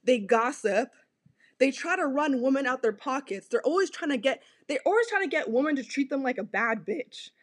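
A woman with a high voice hosts a podcast in a loose, ranting manner. She talks bluntly, swears freely and hammers the same points over and over. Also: expressive, moderate pace. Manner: blunt, profane and repetitive. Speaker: podcast host. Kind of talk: casual podcast rant.

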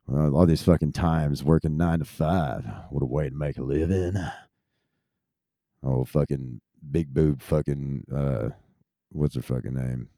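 A man's voice: extremely low pitch, fairly even intonation, a little slow, dark tone, no echo, clean studio sound. A man in his thirties who grew up in Texas, ranting casually in a rambling, profane stream. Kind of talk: casual rant.

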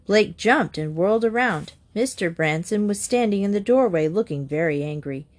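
A woman's voice: mid-range voice, lively intonation, normal speed, darkish tone. Woman reading a children's storybook. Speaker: narrator.

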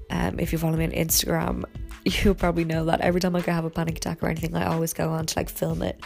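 A tired young woman hosting a podcast, rambling softly from bed with lots of fillers. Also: fairly low pitch, level tone, fast, vocal fry, faint music behind. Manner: rambling, soft, many fillers and yawns. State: tired, low energy. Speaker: podcast host. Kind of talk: casual personal podcast monologue. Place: in bed at home.

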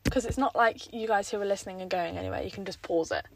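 On the podcast she hosts, a young adult woman talks fast and self-deprecatingly about her day in a loose, rambling way. Her voice sits at medium pitch, croaky and slightly breathless, with a little hiss or hum in the recording.

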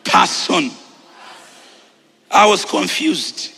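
A Ugandan man preaches a sermon, shouting and exuberantly repeating phrases before easing into relaxed storytelling. His husky, high-sitting voice stretches out words with vocal fry, and a long reverb tail trails behind.

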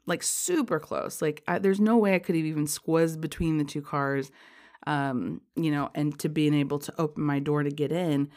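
A heavily pregnant woman with a low-pitched, slightly mellow voice hosts a spiritual podcast. She talks casually and rambles, using many fillers and laughing frequently.

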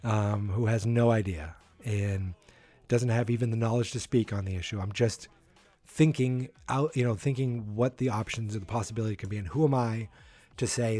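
A man's voice: mid-range voice, mellow. A man hosting a casual solo wrestling prediction podcast, rambling, correcting himself and thinking aloud as he talks.

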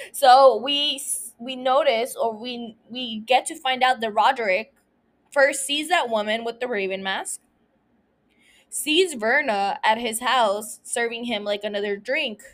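A woman's voice: fairly high pitch, a bit bright. A young woman hosting a casual recap podcast, ranting emotionally and swearing freely. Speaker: podcast host.

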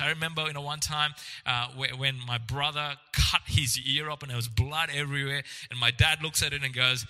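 A man's voice: mid-range voice, fairly quick, pushed and bright. A man preaching a sermon as pastor, earnest and reassuring, often restarting his words. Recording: long hall reverb.

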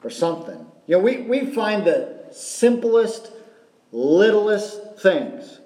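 A man's voice: high voice, very animated, takes it slowly, warm tone. A male pastor preaching a sermon, asking the congregation rhetorical questions and repeating key phrases. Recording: roomy echo.

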